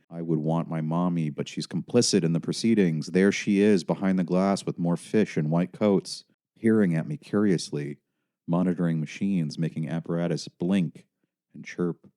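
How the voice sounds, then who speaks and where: A man's voice: deep voice, steady tone, moderate pace, dark tone. A man narrating his own memoir in an intense, confessional manner. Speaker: author and narrator.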